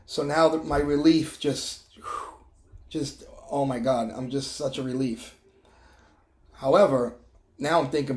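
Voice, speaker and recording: A middle-aged man sharing a personal testimony in an emotional, halting way, with many restarts and fillers. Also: medium pitch, fairly even intonation, a little mellow, reverberant. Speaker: testimony vlogger.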